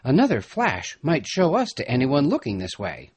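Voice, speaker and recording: A man's voice: mid-range voice, huge pitch swings, normal speed, slightly rough, pitched above the performer's own voice. A man doing an eager young watchman, lifted voice. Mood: urgent. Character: earnest, alert young man keeping watch.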